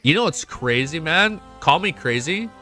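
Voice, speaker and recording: An excitable man chatting on a casual livestream, his pitch leaping up and down as he talks. His voice is bright and forceful, and faint music plays underneath. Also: normal speed. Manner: excitable, swears freely, jumps between high and low pitch. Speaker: livestream host. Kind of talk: casual stream chat.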